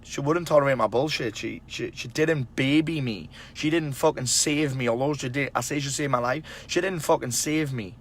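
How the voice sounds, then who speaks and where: A man's voice: mid-range voice, moderate pace, few pauses, slight background noise. Man, blunt tough-love talk, heavy swearing, emphatic, casual monologue. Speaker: men's self-help speaker.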